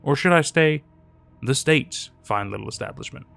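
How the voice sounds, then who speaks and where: A man voicing a gruff, blunt middle-aged government agent with a Western drawl. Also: medium pitch, expressive, normal speed, a bit bright. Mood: blunt, sardonic. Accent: American Western drawl. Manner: blunt, sardonic.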